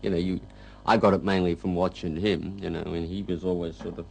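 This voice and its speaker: Man, rock guitarist, very deep gravelly voice, rambling interview talk. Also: little pitch movement, loud music behind the voice, poor audio. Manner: rambling and halting, full of "you know". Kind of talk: casual interview reminiscence.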